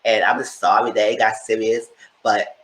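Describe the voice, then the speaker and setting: A man voicing a timid, soft-spoken person who mumbles a rushed confession in a quiet, lower voice. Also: steady tone, natural voice, poor audio. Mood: apologetic.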